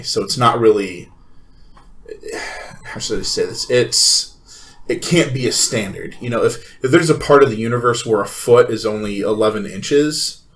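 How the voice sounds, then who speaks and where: A man co-hosting a casual philosophy podcast, thinking aloud slowly and hesitantly with many fillers. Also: on the low side, fairly bright tone. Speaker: podcast co-host.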